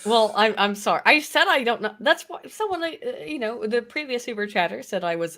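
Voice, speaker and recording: A woman in a casual livestream debate, pressing her case with blunt emphasis and the odd curse. Her voice sits at an ordinary middle pitch for a woman, neither high nor low. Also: lively intonation, normal speed, pauses often, fairly bright tone. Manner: emphatic, argumentative, swears freely. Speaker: debate guest.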